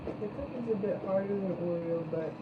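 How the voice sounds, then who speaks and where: A woman's voice: mid-range voice, normal speed, lo-fi sound, heavy background noise. A woman co-reviewing snacks in casual chat, making brief, understated remarks.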